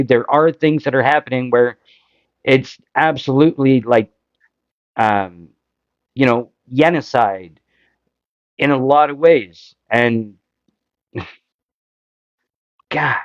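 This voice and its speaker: A Canadian man hosts a casual political talk show, sounding frustrated and impassioned as he fires off rhetorical questions. His pitch is medium and his pace slow. The recording is dry, a bit dull, and free of echo.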